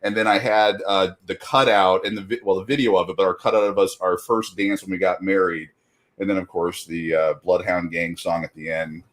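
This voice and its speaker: A man's voice: low voice, steady tone, a little fast, fairly bright tone. A middle-aged man in casual chat as a guest, talking loosely with many fillers and frequent laughs.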